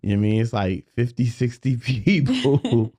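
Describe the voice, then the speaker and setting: A man's voice: medium pitch, very animated, normal speed, dark tone, slightly rough, dry recording, clean studio sound. A man, a rapper telling a story on a podcast, swearing freely and often repeating "you know what I mean". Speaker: guest rapper. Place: podcast studio.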